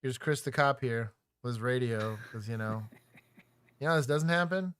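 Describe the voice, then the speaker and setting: Laid-back joking ex-cop host. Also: male voice, medium pitch, normal speed, fairly bright tone, clear, resonant tone. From Texas. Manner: laid-back, joking, explains police procedure. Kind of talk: casual livestream commentary.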